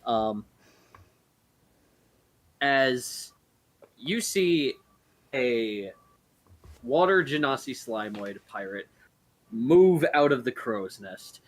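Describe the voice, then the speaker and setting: A man's voice: medium pitch, lively intonation, very slow, pauses often. A man narrating as game master of a tabletop game, loose and full of fillers.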